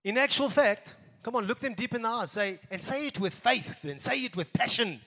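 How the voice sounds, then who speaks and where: Middle-aged South African male pastor, high voice, emphatic sermon delivery, long church reverb. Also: expressive, normal speed. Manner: emphatic, swinging between raised exhortation and quiet asides.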